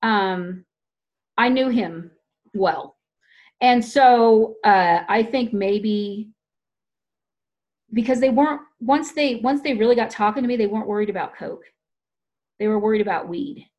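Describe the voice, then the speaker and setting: A woman's voice: fairly high pitch, unhurried, pauses often, a little mellow, lo-fi sound. A woman talking in a loose, rambling way, often restarting her sentences as she tells a personal story in casual chat.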